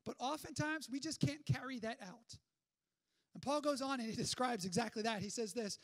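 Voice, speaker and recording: A man preaching a sermon in an energetic, conversational way, full of rhetorical questions and quick restarts. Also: extremely high pitch. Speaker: pastor.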